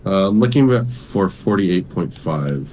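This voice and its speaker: A man with a fairly low voice hosts a live trading chat. His delivery swings up and down animatedly as he jokes, swears and calls out trade numbers. A faint background noise sits under his voice. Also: animated, measured pace, a little mellow. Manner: joking, profane, calls out trades. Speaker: trading room host.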